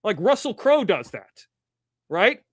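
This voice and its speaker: A man hosting an interview show, telling stories bluntly with swearing and quick bursts. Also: sits high, sing-song, fairly bright tone, slightly rough, dry recording. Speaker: host. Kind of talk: casual interview chat.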